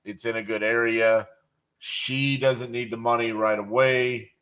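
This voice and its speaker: A man hosting a casual live stream, chatting and leaving upbeat voicemails to sellers. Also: mid-range voice. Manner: relaxed and chatty, quick laughs, upbeat on calls. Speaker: real estate wholesaler and channel host.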